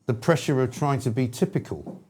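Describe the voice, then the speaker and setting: A man's voice: mid-range voice, brisk, husky. An English man co-hosting a casual opinion talk show, telling anecdotes with frequent laughs and asides. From England. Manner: animated storytelling, laughs often, trails into asides.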